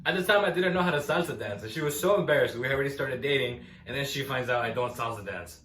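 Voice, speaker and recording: A man's voice: medium pitch, fast talker, slight background noise. A young man from Los Angeles doing a stand-up set, telling stories and acting out the voices in them. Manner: animated storytelling, acting out quoted voices. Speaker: stand-up comedian. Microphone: no microphone, camera mic. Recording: roomy echo, faint ambience, no microphone.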